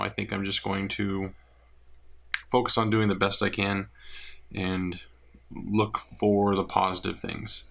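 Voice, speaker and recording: Guy doing a weight loss vlog update, low gravelly voice, lots of ums, candid and rambly. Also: sharp tone. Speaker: vlogger.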